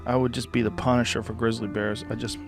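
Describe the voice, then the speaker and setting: A man's voice: medium pitch, fast talker, soft background music. A man hosting a podcast, telling vivid stories in casual chat with lots of swearing and emphatic repetition. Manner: animated, profane storytelling. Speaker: podcast host.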